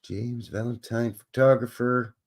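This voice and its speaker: A man's voice: medium pitch, steady tone, measured pace. A man hosting a live stream, reading passages aloud and breaking off for wry, self-deprecating comments.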